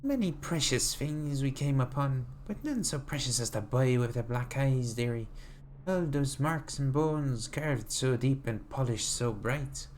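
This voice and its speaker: A streamer voicing a sweetly sinister old grandmother, reading slowly in a doting, sing-song manner from a desk mic at home. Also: mid-range voice, animated, a little mellow, slight background noise, close to an everyday voice. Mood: creepy doting. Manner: slow, sing-song, doting "dearie" refrain. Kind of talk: reading a game note aloud in character.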